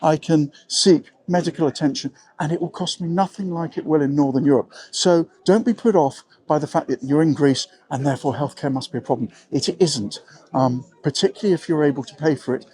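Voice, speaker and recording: A middle-aged man with an English accent talks straight to the camera in a frank, easy way, poking fun at himself now and then. His voice sits a touch higher than most men's. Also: brisk, darkish tone, husky. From England. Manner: frank, conversational, self-deprecating. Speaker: vlogger living abroad. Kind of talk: advice talk to camera.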